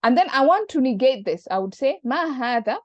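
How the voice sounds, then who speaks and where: A woman's voice: sits high, sing-song, a little fast, dry recording. A woman teaching a grammar class, explaining patiently step by step and working through examples aloud. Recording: dull, dry lo-fi recording.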